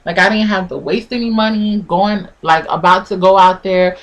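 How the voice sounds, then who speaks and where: A young woman talking straight to camera in a casual storytime vlog, animated and full of "like" fillers, jumping up in pitch when she acts out what people said. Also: normal speed. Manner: animated, frequent "like" fillers, acting out quoted lines with pitch jumps. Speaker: vlogger.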